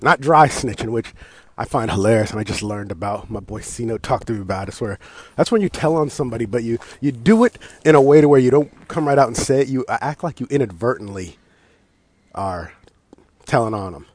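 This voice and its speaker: A man's voice: mid-range voice, brisk, dry recording. Profane, rambling American man ranting on sports. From United States. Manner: loose, swearing, laughs and restarts, animated outbursts. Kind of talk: casual profane sports rant.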